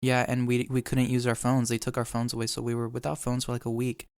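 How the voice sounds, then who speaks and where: A young man tells a painful memory in casual podcast chat, quoting people and swearing as he goes. His voice is smooth and clear, with little rise and fall. The recording is dry and close. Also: medium pitch, completely flat delivery, quick pace, a little mellow, no room sound. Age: young adult. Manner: emotional storytelling, swears, quotes people. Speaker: podcast host.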